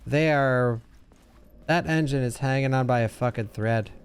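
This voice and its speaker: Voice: medium pitch, measured pace, smooth. Tired, chatty game streamer. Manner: chatty, swearing, rambling asides. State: tired, yawning. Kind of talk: casual gameplay commentary.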